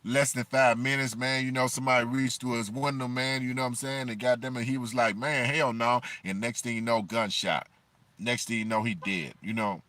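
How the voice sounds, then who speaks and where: A man's voice: mid-range voice, steady tone, a little fast, fairly bright tone, dry recording. Rambling, profane man. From Chicago, USA. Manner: rambling, profane, constant "you know what I'm saying" fillers. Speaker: livestream commentator. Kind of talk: unscripted livestream rant.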